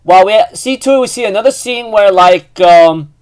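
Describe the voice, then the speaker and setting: A man's voice: high voice, moderate pace, darkish tone, smooth. A man giving a casual, rambling chapter recap, full of fillers and restarts. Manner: rambling, filler-heavy, self-correcting. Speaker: anime recap host.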